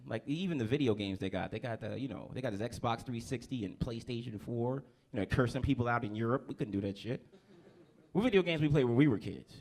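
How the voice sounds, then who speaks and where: A man's voice: mid-range voice, vocal fry, darkish tone. A man in his thirties from New Jersey doing a stand-up set in a comedy club, brash and profane, working the crowd.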